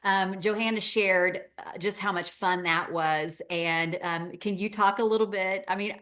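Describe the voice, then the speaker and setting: A woman's voice: medium pitch, steady tone, measured pace, a bit bright. A woman hosting an interview, asking questions enthusiastically with frequent fillers and laughs. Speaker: interviewer host. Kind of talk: casual interview chat.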